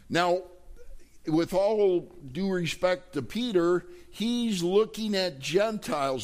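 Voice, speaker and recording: A man preaching a sermon as pastor, emphatic, asking the congregation questions and leaping higher when he voices others. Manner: emphatic, rising to high pitch for quoted voices.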